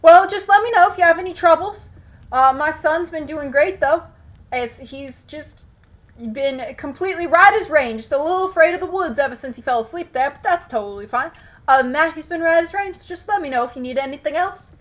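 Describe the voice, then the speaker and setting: A woman voicing a worried half-orc village mother who talks in a hesitant, halting way. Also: sits high, lightly acted. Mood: anxious, deflecting.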